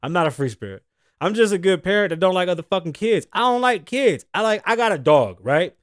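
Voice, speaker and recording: Brash, high-voiced man ranting. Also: lively intonation, fairly quick, dry recording, studio quality. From United States. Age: 30s. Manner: profane, brash, opinionated. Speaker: podcast host. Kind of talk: solo comedic rant.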